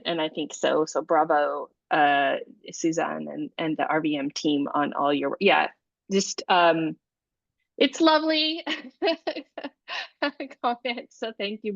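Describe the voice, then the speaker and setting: A middle-aged woman moderates an online panel over a video call, her voice sitting a little low. She talks haltingly, stopping and restarting often. The sound is dull and dry, like lo-fi call audio. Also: gravelly, dry recording. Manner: hesitant, many restarts and fillers. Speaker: webinar moderator.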